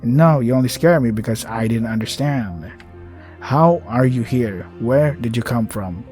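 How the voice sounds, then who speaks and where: A man's voice: mid-range voice, normal speed, darkish tone, faint music behind, lightly acted. A man voicing a frightened young woman, a former singer, in a visual novel game, pleading with a creature.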